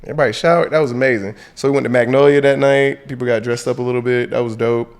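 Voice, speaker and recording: A man's voice: mid-range voice, steady tone, quick pace. A young man co-hosting a podcast, retelling a trip in a loose, slangy, laughing way. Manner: laid-back slangy storytelling, laughs at his own impressions. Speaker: podcast co-host. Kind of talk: casual travel recap chat.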